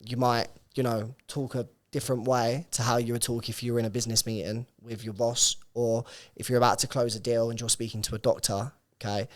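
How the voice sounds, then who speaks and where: A man's voice: mid-range voice, little pitch movement, fairly quick, hardly any pauses. A man co-hosting a podcast, telling stories in casual, chatty talk with the odd swear word. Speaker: podcast co-host.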